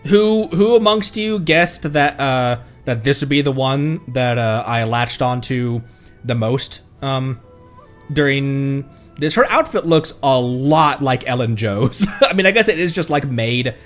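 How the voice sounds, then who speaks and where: A man giving casual livestream reaction commentary, rambling and hesitant with many restarts and bursts of excitement. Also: mid-range voice, unhurried, soft background music. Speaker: streamer.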